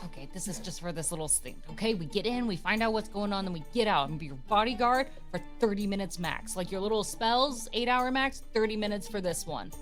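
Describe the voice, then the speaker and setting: A woman playing a tabletop game, brisk and bossy when she lays out a plan. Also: medium pitch, expressive, faint music behind. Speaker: player. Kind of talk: tabletop role-play.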